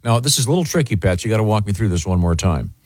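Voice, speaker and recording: A male radio host with a husky edge and a lively, up-and-down delivery. He teases his co-hosts and laughs easily, and the dry, close sound keeps every word near. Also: on the low side, racing, no room sound. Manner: laughing, teasing, stumbling restarts. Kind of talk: casual morning show banter.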